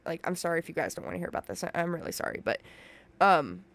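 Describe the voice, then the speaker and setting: A woman's voice: on the low side, big pitch swings, quick pace. A woman commenting on a livestream while she recounts a painful family memory, talking in an emotional, profane, rambling way from a room at home. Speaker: commentary streamer. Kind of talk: casual reaction commentary. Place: home room with open window.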